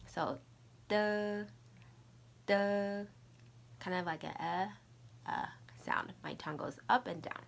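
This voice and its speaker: A woman teaching a recorded language lesson, running slow repeat-after-me drills and dropping to soft, whispery asides between them. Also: sits low, gravelly, slightly rough. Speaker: Mandarin teacher.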